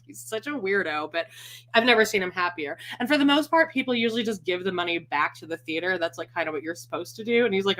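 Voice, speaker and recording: A woman's voice: medium pitch, lively intonation, quick pace, sharp tone. A woman hosting a podcast, chatting casually, laughing often and swearing freely. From Canada. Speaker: podcast host. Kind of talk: casual chat.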